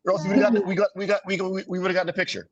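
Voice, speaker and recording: A man's voice: sits high, flat delivery, very fast, lo-fi sound, over a noisy crowd. A man co-hosting a radio talk show, bantering playfully and often stumbling over and repeating his words.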